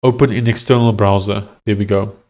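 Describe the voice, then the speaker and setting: South African developer, lowish voice, hesitant think-aloud, muffled lo-fi sound. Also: male voice, fairly even intonation, brisk, a little mellow. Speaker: software developer streamer. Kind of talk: casual live-coding commentary.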